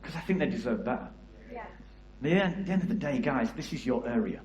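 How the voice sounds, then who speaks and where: A man's voice: mid-range voice, lively intonation, fairly quick, darkish tone, roomy sound, a little hiss or hum, poor audio. A man with a Liverpool area English accent giving a passionate church talk about youth work, often asking the audience questions. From England. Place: church hall.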